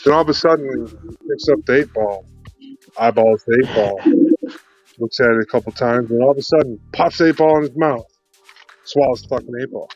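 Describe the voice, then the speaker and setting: A man's voice: mid-range voice, brisk, long pauses, breathy edge. Man, co-host, rambling foul-mouthed joke teller; slightly muffled recording, faint music. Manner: profane, rambling storyteller. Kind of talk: casual joke telling.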